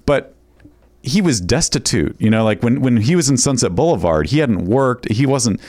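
A man co-hosting a podcast who talks casually in an animated way, quick to laugh and tease. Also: medium pitch, dry recording. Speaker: podcast co-host.

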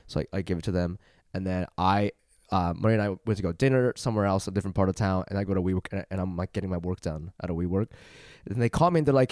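A man's voice: low voice, rapid-fire, darkish tone, dry recording, studio quality. A man co-hosting a podcast, telling a story in casual chat, swearing freely and acting out both sides of a conversation. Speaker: podcast co-host.

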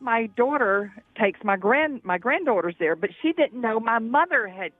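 A woman's voice: fairly high pitch, expressive, no room sound. An older woman, calling in and telling a family story with many fillers and restarts. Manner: rambling, halting with fillers. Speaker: caller. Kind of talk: phone-in story. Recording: tinny phone line.

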